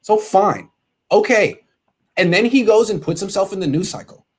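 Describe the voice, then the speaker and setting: A man's voice: sits high, lively intonation, normal speed, husky. A man hosting a casual sports talk show, ranting animatedly and reading out viewer comments.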